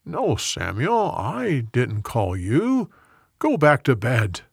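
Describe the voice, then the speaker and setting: A man playing a gentle old priest. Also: mid-range voice, wildly swooping pitch, slow, creaky, husky, no echo, clean studio sound, heavily acted.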